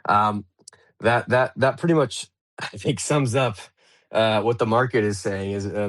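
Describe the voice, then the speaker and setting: Host, male, low and gravelly, rambling panel talk full of fillers, remote audio room. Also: steady tone, unhurried, fairly bright tone. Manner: loose and rambling, many fillers and restarts. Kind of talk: casual market discussion.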